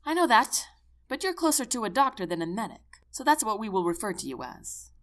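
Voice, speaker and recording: Woman reading a stern male general, loud and clipped, lively pitch, storybook. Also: fairly quick. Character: gruff stern male army general, demanding.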